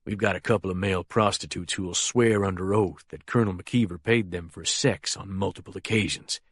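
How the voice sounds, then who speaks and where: A man reading as a menacing younger male crime boss, speaking low and quietly controlled in an audiobook. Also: steady tone, brisk, husky, no echo, clean studio sound. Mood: commanding.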